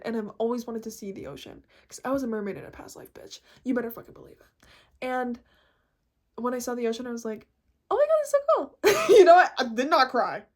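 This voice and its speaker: Woman, casual vlog chat, somewhat high voice, foul-mouthed, excitable, reads from notes. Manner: profane, excitable, quick to laugh. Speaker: vlogger explaining reality shifting.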